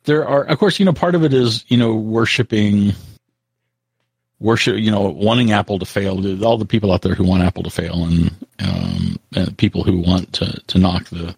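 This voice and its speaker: A man co-hosting a casual tech podcast, talking in a halting way with frequent restarts. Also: lowish voice, fairly even intonation, vocal fry, darkish tone, husky, no echo. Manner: halting, full of restarts, reads out quotes. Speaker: podcast co-host.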